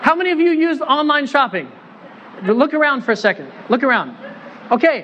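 A man with a high-pitched voice preaching a sermon to a church congregation. He keeps it conversational and light, joking and asking the listeners questions. A faint hiss of room noise runs underneath. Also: very animated, a little fast, fairly bright tone, dull audio. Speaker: pastor.

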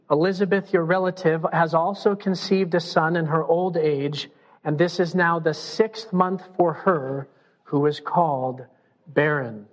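High-voiced pastor preaching in a reverberant hall. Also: male voice. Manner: animated preaching, acts out quoted voices. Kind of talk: sermon. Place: church sanctuary. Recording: dull sound, long hall reverb.

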